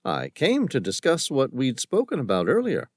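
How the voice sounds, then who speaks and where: A cocky young Southern lawyer, as a male narrator plays him, drawling with smug charm. His raised voice swings widely in pitch, and the recording is close and dry. He talks like a man who knows he holds the cards. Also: wildly swooping pitch, normal speed, no echo, exaggerated voice. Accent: American Southern. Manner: cocky, smooth-talking.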